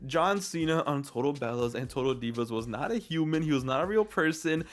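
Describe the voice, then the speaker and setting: A man's voice: a little high, animated, brisk. A man doing a comedic, sarcastic commentary rant, full of exaggerated jokes. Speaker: commentary video creator.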